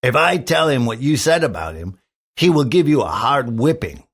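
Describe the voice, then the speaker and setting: A man's voice: medium pitch, very animated, normal speed, gravelly, a bit bright, husky, pitched above the performer's own voice, exaggerated voice. A man voicing a sly, pushy teenage beggar boy who talks in a wheedling, bossy way while reading a storybook aloud. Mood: coaxing.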